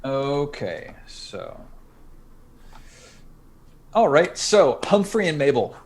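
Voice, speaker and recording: A man's voice: a little high, big pitch swings, very slow. A man narrating a tabletop role-playing game as game master, casual and hesitant with lots of fillers.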